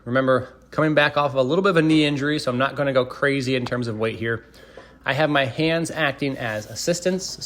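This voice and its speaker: A man giving a calm, steady voice-over of his training, explaining each exercise and urging care. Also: medium pitch, a little hiss or hum. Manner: steady, explanatory, cautious coaching tone. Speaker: fitness vlogger. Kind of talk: voice-over workout breakdown.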